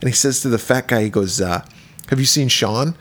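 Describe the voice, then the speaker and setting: A man's voice: mid-range voice, fairly quick, a bit bright. A man co-hosting a podcast, recapping a horror movie in casual chat, swearing freely and laughing often. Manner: laughing, profane, acts out characters' lines. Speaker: podcast co-host.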